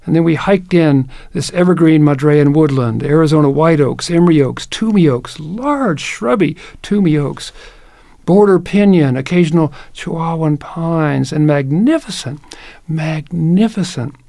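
A man's voice: a little high, normal speed, gravelly, warm tone, no echo. A man hosting a show, telling a rambling, playful story in a folksy way and stretching out words he enjoys. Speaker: host.

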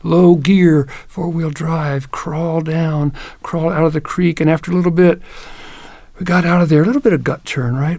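A folksy man with a gravelly, somewhat high voice tells a wandering story in a playful tone, lingering on words he likes. The sound is close and dry, with no room around it. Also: fairly even intonation, normal speed, a little mellow, no room sound. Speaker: host.

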